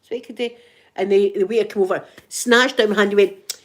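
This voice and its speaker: A woman's voice: mid-range voice, a little fast. Chatty Glaswegian woman telling stories. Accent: Glaswegian Scottish. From Scotland. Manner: animated, swears, acts out both sides of conversations. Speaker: ASMR vlogger. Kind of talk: casual storytelling chat.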